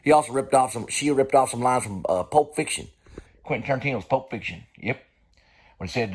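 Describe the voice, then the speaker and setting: A man's voice: medium pitch, expressive, fairly quick, slightly rough. A man giving rambling, folksy commentary while watching a film, swearing casually and repeating himself. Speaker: vlogger.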